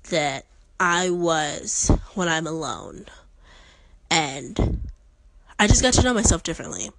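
A woman's voice: fairly low pitch, a bit bright, low-quality recording. Chatty young woman telling rambling stories. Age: young adult. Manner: chatty, rambling, joking asides. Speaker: podcast host. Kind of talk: casual podcast monologue.

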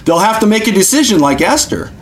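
A man's voice: sits high, sing-song, quick pace. A man hosting a podcast who speaks in an earnest, exhorting, preaching style, with frequent fillers. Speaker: podcast host.

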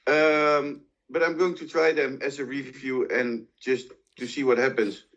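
A man's voice: medium pitch, little pitch movement, measured pace, dull audio. A man co-hosting a podcast, hesitant with many fillers. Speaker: podcast co-host. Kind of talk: casual podcast chat.

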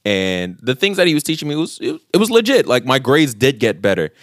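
A man's voice: medium pitch, a little fast, no room sound. Guy in his 30s telling a wild story on a podcast, swears a lot, does the voices, dry close sound. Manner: animated, swearing, acts out quotes. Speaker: podcast co-host. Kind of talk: casual storytelling chat.

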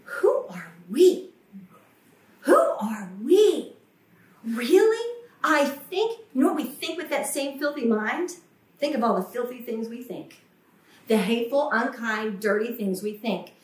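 A woman's voice: a little high, lively intonation, moderate pace. A woman preaching a sermon with passion, acting out the voices of the people she quotes and repeating words for emphasis. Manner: impassioned, acts out quoted voices, emphatic repetition. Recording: echoey room, voice from a distance.

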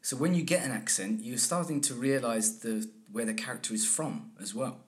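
A man's voice: medium pitch, moderate pace. A man speaking in an easygoing interview, his voice sitting in a middle register. He tells his stories with animation, slipping into the voices of the people he quotes. He circles back on his own phrases as he builds each point. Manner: animated storyteller who acts out quoted people. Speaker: accent and dialect coach, guest. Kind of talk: conversational interview.

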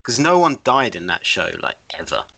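Man, quiz contestant, bright sharp voice, rambling, laughs and swears. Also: lowish voice, very animated, moderate pace, gravelly. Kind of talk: casual podcast chat.

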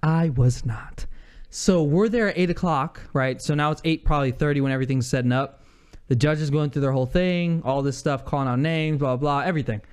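A man telling a rambling story in casual chat, animated and full of asides and restarts, swearing freely. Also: fairly high pitch, a little fast, clear, resonant tone.

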